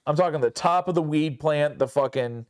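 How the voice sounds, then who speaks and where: A man's voice: on the high side, moderate pace. A man hosting a casual interview, eager to hear stories and joking crudely. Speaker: host.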